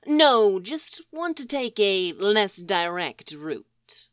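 A sly, mocking thief of a man, as a woman reader puts him on, drawling mild teasing lines. The voice is smooth and unhurried, recorded close and dry. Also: mid-range voice, big pitch swings, fairly bright tone, no echo, exaggerated voice.

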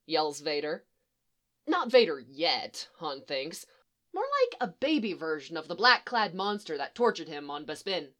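Lively woman reading a story aloud. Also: fairly low pitch, normal speed. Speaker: story reader. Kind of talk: scripted narration of a story.

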